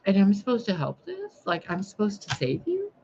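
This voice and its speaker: A woman's voice: medium pitch, huge pitch swings, moderate pace, dark tone, dull audio, a little hiss or hum. A woman livestreaming a blunt, sarcastic monologue, scolding her viewers and swearing freely. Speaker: spiritual livestreamer.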